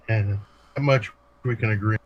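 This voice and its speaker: Slow talking guy, husky and bright sounding, dry little jokes. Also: fairly low pitch, dull audio. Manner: dry teasing quips. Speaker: podcast co-host. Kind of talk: casual crude banter.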